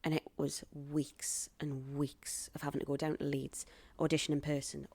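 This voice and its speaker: A woman's voice: low voice, moderate pace, vocal fry. A woman, a guest telling her own stories in an interview and acting out the voices of people she quotes. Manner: animated storyteller acting out quoted dialogue. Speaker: guest, actress and stand-up comic. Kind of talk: podcast interview storytelling.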